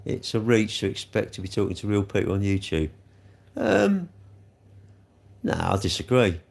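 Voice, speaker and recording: A man's voice: fairly low pitch, sing-song, moderate pace, gravelly, pauses often, a little mellow. A man streaming live, rambling and repeating himself as he talks straight to viewers about their comments. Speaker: livestreamer.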